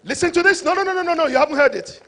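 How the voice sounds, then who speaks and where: A man's voice: very high voice, racing. A middle-aged man gives a motivational conference speech, telling a story and acting out the dialogue. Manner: animated, acts out dialogue in stories. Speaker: conference speaker.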